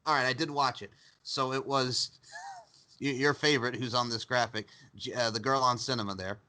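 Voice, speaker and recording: A man co-hosting a podcast, chatting quickly and casually, laughing through his points. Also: medium pitch, fairly even intonation, pushed and bright. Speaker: podcast co-host.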